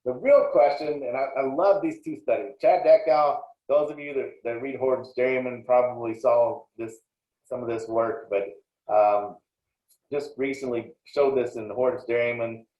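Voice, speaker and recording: A man's voice: medium pitch, steady tone, measured pace, dark tone. A man giving a plainspoken, explanatory lecture on dairy breeding, with frequent small restarts. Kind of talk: recorded slide lecture. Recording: roomy, dull lo-fi sound.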